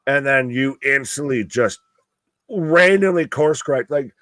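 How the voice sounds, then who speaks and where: A man's voice: medium pitch, a little slow, fairly bright tone, dry recording, studio quality. A man co-hosting a live wrestling watch-along, swearing heavily and trailing off mid-sentence in exasperation. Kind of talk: profane live commentary chat.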